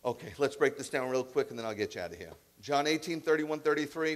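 A man's voice: mid-range voice, expressive, fast talker, hardly any pauses. A man preaching a sermon as rabbi, emphatic and conversational with blunt asides.

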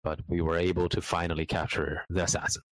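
A man voicing a calm, patient Buddhist monk who speaks slowly, gently and formally. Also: low-pitched, close to an everyday voice, rough recording. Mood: gentle pleading.

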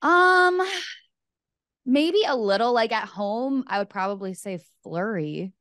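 A woman's voice: a little high, lively intonation, slow pace, a bit bright, dry recording. A woman co-hosting a sports podcast in casual chat, dry and good-humored. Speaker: podcast co-host.

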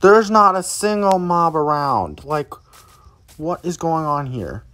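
A man's voice: fairly high pitch, expressive, takes it slowly, pushed and bright. A man giving live commentary as he plays a survival game, chatting to viewers and reacting aloud as things happen. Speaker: let's play gamer.

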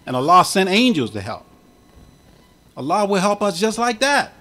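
A man's voice: sits high, sing-song, moderate pace, bright, forceful tone. A man preaching a sermon as imam, with an impassioned cadence that swells and drops. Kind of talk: Friday sermon.

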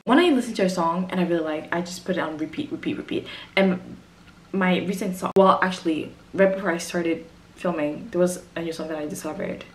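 A woman's voice: fairly low pitch, a little fast. A woman, talking casually to camera about arranging music, rambling and interrupting herself. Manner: rambling, chatty, self-interrupting. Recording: roomy echo.

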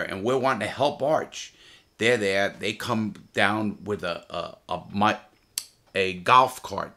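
A man's voice: sits low, gravelly, a bit bright. A middle-aged man, a former prisoner, telling his story in a blunt, profane, emphatic way, repeating phrases for weight. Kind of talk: casual storytelling monologue.

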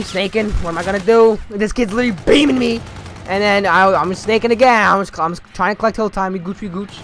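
A young man with a high voice talks over his gameplay footage, sarcastic and loose-mouthed. He swears a lot and keeps jumping into loud, animated outbursts, with a faint hum of room noise behind him. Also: gravelly. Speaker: gaming commentator. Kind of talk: casual gameplay commentary.

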